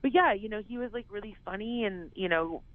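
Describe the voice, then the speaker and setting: A woman's voice: medium pitch, brisk, no room sound. A woman being interviewed who rambles casually, filling her talk with "like" and "you know". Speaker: actress, interview guest. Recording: tinny phone line.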